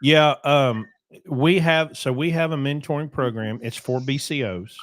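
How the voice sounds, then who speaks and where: Man, podcast host, loose rambling chat, mid pitch, dry close mic. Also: measured pace, no echo. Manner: loose, rambling, with many ums.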